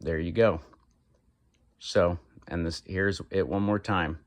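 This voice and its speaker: A man's voice: sits low, steady tone, slow. A man with a dry throat hosting a casual one-take tutorial video. He talks in a hesitant way, stopping and restarting as he explains things again. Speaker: video host.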